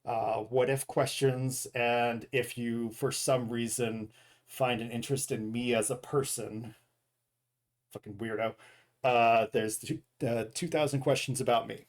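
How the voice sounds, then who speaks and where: A man with a medium-pitched voice and fairly even intonation speaks unhurriedly while streaming a game. He chats casually and reads dad jokes aloud, often correcting himself and chuckling at his own punchlines.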